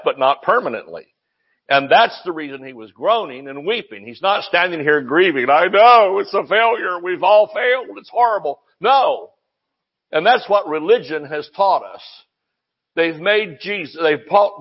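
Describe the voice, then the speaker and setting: A man's voice: on the high side, breathy edge. Man preaching a sermon, muffled sound. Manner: reads scripture aloud and breaks in with comments and laughs. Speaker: pastor.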